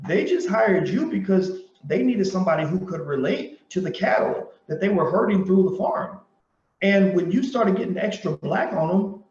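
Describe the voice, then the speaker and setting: A man's voice: high-pitched, a little mellow. A man hosting a commentary monologue, who talks emphatically, repeats his points and tells stories with quoted dialogue. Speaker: host and commentator. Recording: roomy, dull lo-fi sound.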